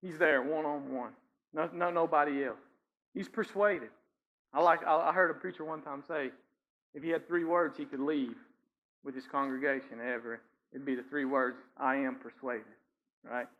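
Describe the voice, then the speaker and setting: A pastor preaching a sermon in a church, talking conversationally with frequent "right?" asides and light chuckles. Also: male voice, a little high, fairly even intonation, normal speed, highs cut off. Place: church sanctuary.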